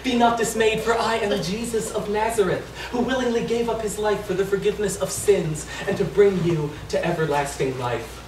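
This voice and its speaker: A tired, patient holy man, as a man puts him on murmurs in a low, gentle, sermon-like tone. The sound is distant and reverberant, with a faint hiss behind it. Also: normal speed, few pauses, natural voice. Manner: soft, low and gently preachy. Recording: echoey room, distant mic, faint noise.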